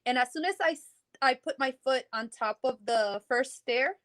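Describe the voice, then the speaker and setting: A woman's voice: high voice, moderate pace, a bit bright. A woman telling her story in a casual interview, rambling and acting out what people said, with laughs in between. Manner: rambling, acts out quoted dialogue, laughs in between.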